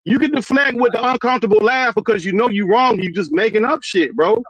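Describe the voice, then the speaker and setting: Insistent high-voiced man, dry mic. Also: fairly quick, a bit bright, dry recording, muffled recording. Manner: insistent, repeating demands for proof; calls the other man "bro" often. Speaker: debate guest. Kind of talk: heated online argument.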